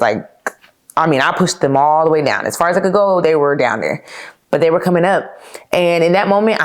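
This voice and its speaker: A young woman hosts her own podcast and talks her listeners through a personal story. Her voice sits a little low, and her delivery is candid and conversational, full of fillers and asides. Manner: chatty and candid, addresses listeners as "y'all"; laughs now and then, frequent fillers like "like". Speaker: podcast host.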